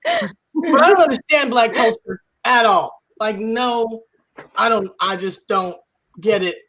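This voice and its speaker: A woman in her forties performing a stand-up comedy set on a live stage, animated and acting out dialogue in playful voices. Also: on the high side, slow.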